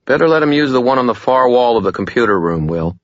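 A man's voice: mid-range voice, lively intonation, quick pace, dry recording, dull audio, voice pushed up, natural voice. A man voicing a sensible young woman student who speaks curtly. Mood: dry.

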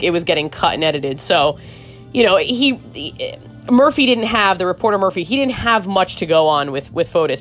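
A woman hosting a true crime podcast, giving outspoken, rambling commentary with swearing and many restarts. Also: fairly low pitch. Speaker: podcast host.

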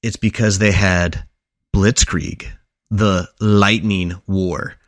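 A man's voice: low voice, steady tone, takes it slowly, no room sound, studio quality. A man on a podcast, presenting a history segment in casual chat, telling it like a story and quizzing his co-hosts along the way.

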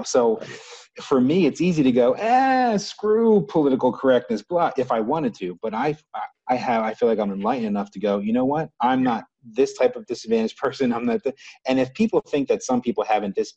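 Rambling, husky-voiced American man. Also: lowish voice, warm tone, dry recording, muffled recording. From United States. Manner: rambling, reflective, with many restarts. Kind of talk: casual conversation.

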